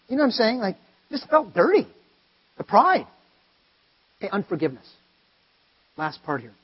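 High voiced pastor guy preaching, husky voice, big echoey hall, dull lo-fi sound. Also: normal speed, long pauses. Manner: animated storytelling, swings between loud exclaiming and quiet earnest tones. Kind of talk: sermon.

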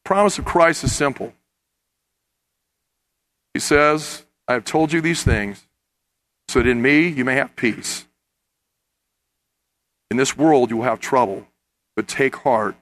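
A man's voice: mid-range voice, unhurried, long pauses, a bit bright. A man preaching a sermon, earnest and rising to impassioned emphasis as he addresses his listeners. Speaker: pastor.

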